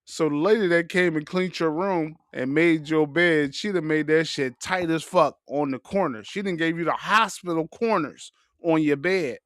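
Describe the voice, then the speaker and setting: A man's voice: fairly high pitch, normal speed, hardly any pauses, a bit bright, dry recording, studio quality. A man hosting a podcast, riffing in loose, profane, joking casual chat. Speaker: podcast host.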